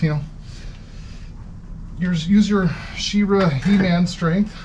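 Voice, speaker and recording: A man with a somewhat high voice talks casually as he works on a car. He keeps up a stream of playful jokes and asides, with a faint hum of ambience behind him. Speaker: mechanic host. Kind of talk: casual talk while working. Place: garage.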